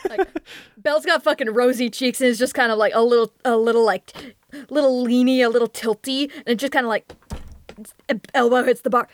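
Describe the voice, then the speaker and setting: A woman playing a tabletop game, excitable and swearing freely. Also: a little high, fairly quick, no echo. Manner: excitable, swears a lot, laughs often. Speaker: player. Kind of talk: casual tabletop game chat.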